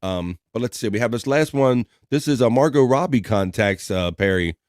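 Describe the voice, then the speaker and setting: A man's voice: mid-range voice, animated, normal speed, darkish tone, dry recording, clean studio sound. Laid-back rambling male stream host. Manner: rambling and laid-back, lots of fillers and chuckles. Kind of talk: casual chat.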